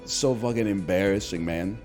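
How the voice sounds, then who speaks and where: A man's voice: sits low, normal speed, darkish tone, faint music behind. A man in his thirties telling a rambling, profane, self-deprecating story in casual stream chat. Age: 30s.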